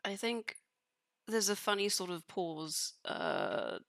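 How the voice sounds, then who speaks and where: A woman's voice: mid-range voice, big pitch swings, takes it slowly, vocal fry, fairly bright tone, dry recording, clean studio sound. A woman playing a tabletop role-play game, narrating her character hesitantly with many restarts and giggles.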